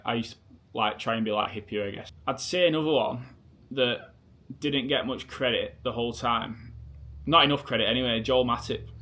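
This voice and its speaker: A man's voice: mid-range voice, sharp tone. A man in his thirties with a Lancashire accent, co-hosting a casual Q&A chat in a laid-back, rambling way. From Preston, England. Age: 30s. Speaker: co-host.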